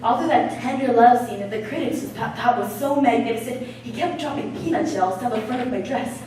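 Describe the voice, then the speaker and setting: Teen girl plays a glamorous, vain actress: high, theatrical and affected, caught on a distant stage mic. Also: fairly quick, mellow, slight background noise, close to an everyday voice. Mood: arch. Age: teens. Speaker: student stage actor. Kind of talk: school stage play. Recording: echoey stage from far off.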